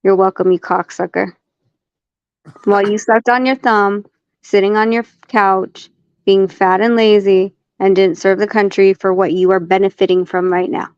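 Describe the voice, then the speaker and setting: A woman's voice: mid-range voice, fairly even intonation, normal speed, a little mellow, clear, resonant tone, no echo, highs cut off. A woman from the United States, a guest in a casual chat, talking bluntly and swearing as she tells stories. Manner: blunt, swears, chatty storyteller.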